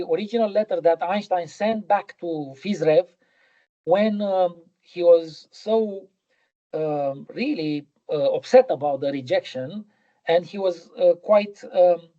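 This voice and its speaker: A man's voice: high-pitched, warm tone, highs cut off. A middle-aged man giving a physics lecture in a webinar, hesitant, with many ums and repeated words.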